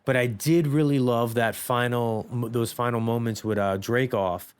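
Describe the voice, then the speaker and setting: A man's voice: medium pitch, fairly even intonation, moderate pace, clear, resonant tone. A man co-hosting a podcast, chatting casually about a movie, rambling with lots of fillers and restarts. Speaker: podcast co-host.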